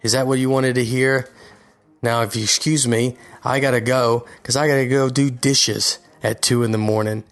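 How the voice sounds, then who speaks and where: A man's voice: medium pitch, flat delivery, normal speed. Self-deprecating young man with a comic monologue. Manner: self-deprecating, rambling with restarts. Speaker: comedian recording a guest spot. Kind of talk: casual comedic monologue.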